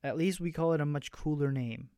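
A grumpy, defensive young man snaps back in a strained whisper, as a storyteller reads him. The voice sits a little high and sounds dry and close. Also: a little fast, mellow, smooth, no echo, close to an everyday voice.

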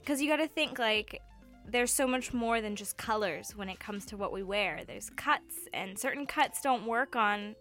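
Bright, teasing young woman radio co-host. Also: medium pitch, soft background music. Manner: teasing, quick to laugh. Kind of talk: casual radio chat. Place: radio studio.

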